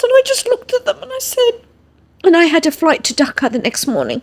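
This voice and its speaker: Her voice is extremely high with wildly swooping pitch, and she talks briskly. This English-accented podcast guest earnestly tells a personal story, checking in with her listener often via "yeah?"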